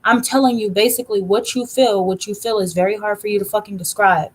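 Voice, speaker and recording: A woman tarot reader talks casually to her viewers in a blunt, cussing rant. Her voice sits at an ordinary middle pitch, and she stretches out words when she wants to hammer a point home. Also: fairly even intonation, fast talker, breathy edge. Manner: blunt, profane, ranting storyteller. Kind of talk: casual livestream chat.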